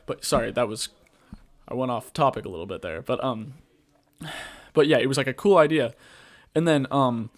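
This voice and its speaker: A man's voice: medium pitch, moderate pace, long pauses. A man hosting a podcast, ranting casually about politics in a rambling, blunt way, full of filler words and swearing. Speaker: podcast host.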